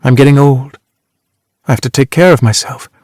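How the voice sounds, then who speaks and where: Guy putting on a sharp teasing ex-actress lady, brisk and cutting, dry close sound. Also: medium pitch, no echo, close to an everyday voice. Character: worldly former actress, woman in her thirties, sharp and teasing.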